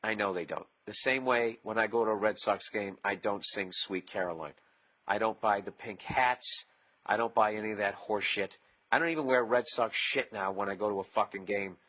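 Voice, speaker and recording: A man in his forties with a Boston accent, hosting a solo podcast in a profane, sarcastic comic rant that jumps up loud when he mocks people. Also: on the low side, normal speed, lo-fi sound. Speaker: podcast host.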